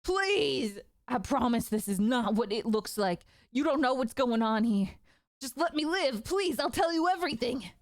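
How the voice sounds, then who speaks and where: A woman voicing a desperate male bandit who sobs and pleads for his life in a tabletop game, his cries cracking high. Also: a little slow, a little mellow, dry recording, clean studio sound, close to an everyday voice. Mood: begging, sobbing. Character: desperate sobbing male bandit begging for mercy.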